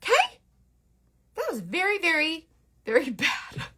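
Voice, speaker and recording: A woman makeup artist chatting through a makeup tutorial with a bright, somewhat high voice. Her pitch swings all over as she rambles playfully, full of sass and slang. Recorded close on a phone camera indoors. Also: lively intonation, normal speed. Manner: sassy slangy talk.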